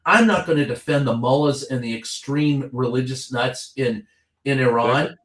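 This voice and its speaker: A man's voice: medium pitch, normal speed, fairly bright tone, roomy sound. A veteran reporter, a man, talking politics bluntly and heatedly, swearing freely as he tells stories. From Kentucky. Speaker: veteran White House reporter, guest. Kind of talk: impassioned political talk.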